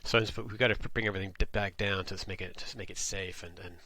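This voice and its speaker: A man's voice: deep voice, steady tone, fast talker, pushed and bright, no echo. A man from Atlantic Canada delivering a tongue-in-cheek satirical monologue, rambling and musing as he goes. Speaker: vlogger.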